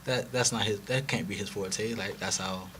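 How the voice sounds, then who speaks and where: A man from North Carolina with a Southern accent, a guest in an interview, speaking haltingly with many restarts. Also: lowish voice, fairly even intonation, fairly bright tone, slight background noise. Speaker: guest, caterer. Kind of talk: casual interview.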